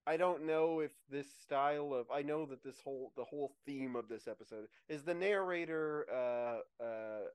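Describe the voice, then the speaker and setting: A man's voice: fairly high pitch, moderate pace, hardly any pauses, smooth. A man co-hosting a podcast over a remote call, speaking hesitantly with many restarts and dry asides. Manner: hesitant, lots of ums and restarts, wry. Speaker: podcast co-host. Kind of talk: casual chat.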